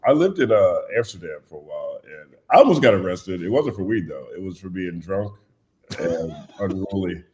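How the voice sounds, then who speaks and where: Podcast guest, male, low-pitched, blunt and animated storyteller. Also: normal speed. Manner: animated, blunt storyteller, puts on voices when quoting. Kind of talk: casual podcast chat.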